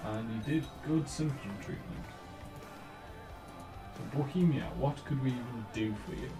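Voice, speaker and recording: A man hosting a let's play, commenting casually on his strategy game and thinking aloud in a relaxed, musing way. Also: medium pitch, unhurried, roomy sound, music in the background.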